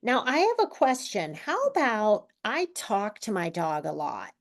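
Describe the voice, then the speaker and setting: Chatty woman host with lively pitch. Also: measured pace. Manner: chatty, self-deprecating, laughs often. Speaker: podcast host. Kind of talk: casual podcast chat.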